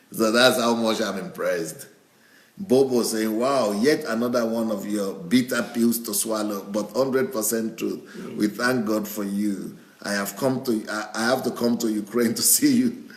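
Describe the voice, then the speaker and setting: A man, a pastor, reading out viewer comments and chuckling often as he goes. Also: on the low side. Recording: roomy echo.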